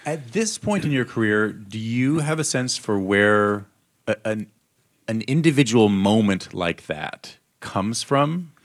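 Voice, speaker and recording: A man with a fairly low voice moderates an onstage interview. He asks careful, probing questions. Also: animated, slow pace.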